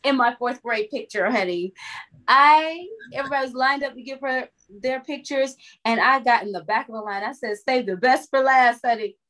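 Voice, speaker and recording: A woman singer from Florida, telling lively, dramatic stories in an interview and calling the listener "honey". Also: fairly high pitch, normal speed. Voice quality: expressive, calls the listener "honey". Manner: lively, dramatic, laughs often. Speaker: singer and guest. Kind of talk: animated interview storytelling.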